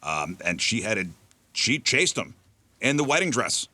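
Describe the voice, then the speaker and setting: Low-voiced male radio host. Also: big pitch swings, unhurried, bright, forceful tone, no echo. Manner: joking, storytelling. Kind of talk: casual radio banter.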